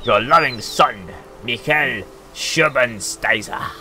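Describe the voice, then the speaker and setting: A man's voice: medium pitch, slow, bright, forceful tone, a little hiss or hum. A man voicing an earnest young knight writing to his father, reading solemnly in an odd put-on accent.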